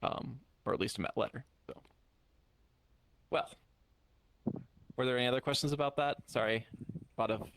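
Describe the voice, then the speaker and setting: A man's voice: medium pitch, moderate pace, gravelly, pauses often, a bit bright, a little hiss or hum, rough recording. A man in casual in-character roleplay over voice chat, hesitant and polite, full of fillers and apologies. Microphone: voice chat mic.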